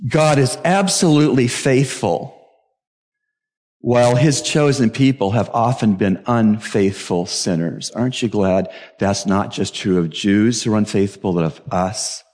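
A middle-aged male pastor preaching a sermon emphatically, jumping to sudden high exclamations. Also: a little slow, a little mellow.

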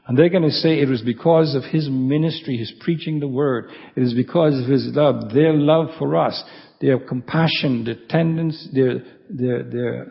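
A pastor giving an earnest expository sermon, slowing down to stress scripture as he reads it aloud. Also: mid-range voice, big-room sound, lo-fi sound.

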